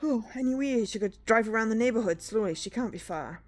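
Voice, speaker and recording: A woman voicing a drunk man in a pink superhero suit, loud and giddy, as she reads a story game aloud. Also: a little high, lively intonation, fairly quick, faint music behind, voice pushed up, lightly acted. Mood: drunk pleading.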